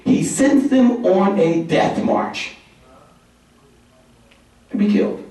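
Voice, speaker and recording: A man giving a conference talk as a community organizer, telling a story in an animated, folksy, emphatic way. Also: high-pitched, takes it slowly. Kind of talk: conference speech. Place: conference hall. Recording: echoey hall from far off.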